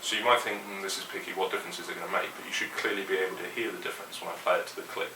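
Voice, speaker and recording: A man giving a metal guitar lesson, explaining rhythms in a relaxed, opinionated way and counting along to the click. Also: sits low, very fast. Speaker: guitar teacher. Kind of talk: instructional explanation. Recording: roomy echo, mic at a distance, faint hiss.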